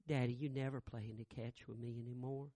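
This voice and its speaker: A man voicing a little boy who pleads softly and quietly with his father. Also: mid-range voice, flat delivery, fairly quick, no echo, natural voice. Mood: pleading. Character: small pleading boy, timid and hopeful.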